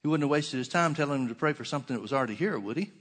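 A man preaching a sermon, earnestly repeating key phrases and slowing down to stretch out the scripture he quotes. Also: mid-range voice, fairly bright tone.

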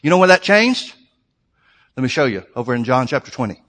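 A man's voice: mid-range voice, sing-song, a little fast, fairly bright tone. Man preaching in an echoing hall. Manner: earnest, conversational preaching with emphatic repetition. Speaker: pastor. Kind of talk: sermon. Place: church sanctuary. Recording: long reverb of a large hall.

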